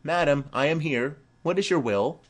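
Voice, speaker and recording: A man's voice: on the high side, moderate pace, pitched above the performer's own voice, close to an everyday voice. A man reading a play aloud, voicing a modest, dutiful young noble girl.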